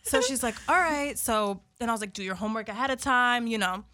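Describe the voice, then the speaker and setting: Bright-voiced young woman telling a story. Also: on the high side, fast talker, dry recording. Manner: animated storyteller, quotes others in her own voice. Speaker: podcast co-host. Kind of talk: casual chat.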